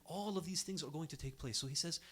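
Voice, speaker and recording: A man's voice: a little high, quick pace, fairly bright tone. A young man giving a sermon to a congregation in an earnest, emphatic way, his voice rising and dropping sharply to stress each point. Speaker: speaker at an Islamic center.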